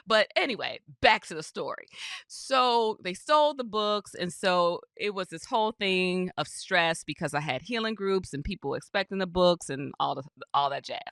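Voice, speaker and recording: A woman podcast host speaks in a bright, forward voice. Her pitch rises and falls a lot as she tells her own story. The sound is dry and close, and her delivery is candid and chatty, full of casual asides. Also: expressive, moderate pace, no room sound. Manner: candid, conversational, with frequent "you know" asides. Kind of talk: personal storytelling monologue.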